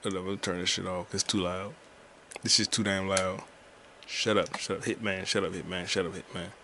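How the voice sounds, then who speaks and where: Rambling, profane man with a low voice. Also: little pitch movement, a little fast, pushed and bright, a little hiss or hum. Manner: loose, profane, rambling, laughs often. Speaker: podcast host. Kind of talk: casual solo podcast chat. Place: at home with a loud game console nearby.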